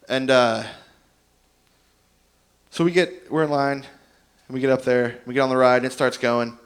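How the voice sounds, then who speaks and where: Male stand-up comic, middle pitch, loose rambling delivery, self-deprecating, open-mic set on a stage mic. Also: steady tone, fast talker, pauses often. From Indiana. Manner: rambling, self-deprecating storytelling with many fillers. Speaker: stand-up comedian.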